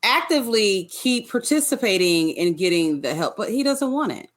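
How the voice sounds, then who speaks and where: Woman, co-host, casual chat, blunt reactions, lively up-and-down pitch. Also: moderate pace. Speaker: podcast co-host.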